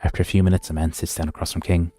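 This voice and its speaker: A man with a very low, mellow voice sight-reads a story on stream. He reads plainly and trips over words now and then. The sound is dry with faint music underneath. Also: little pitch movement, very fast, dry recording. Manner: plain reading with stumbles. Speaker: streamer reading aloud. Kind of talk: sight-reading a horror wiki story.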